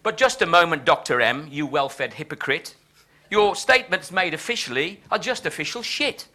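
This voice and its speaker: A man's voice: on the high side, lively intonation, normal speed, bright, forceful tone. A man reading as a scornful defiant poet. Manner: scornful, rhythmic verse. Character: defiant male poet mocking a doctor. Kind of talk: reading translated verse aloud.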